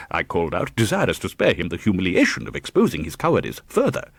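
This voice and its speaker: A man's voice: medium pitch, wildly swooping pitch, brisk, husky, dry recording. A man reading an audiobook in a dramatic, tense manner, close to the microphone. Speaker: audiobook narrator. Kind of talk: scripted audiobook narration.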